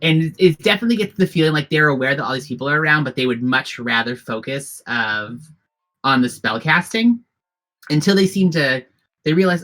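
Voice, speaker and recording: A tabletop game master narrating the scene in a loose, rambling way, circling back and restarting as the scene unfolds. The voice is bright and forward. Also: mid-range voice, animated, brisk, low-quality recording. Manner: rambling, heavy with fillers and restarts.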